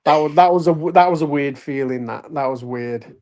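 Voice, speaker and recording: A man from Leeds with a Yorkshire accent, a wrestler and actor telling animated anecdotes with laughs in a casual interview. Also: fairly high pitch, a little fast. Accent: Yorkshire English. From Leeds, England. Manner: animated anecdotes with frequent laughs and acted-out quotes. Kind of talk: casual storytelling chat.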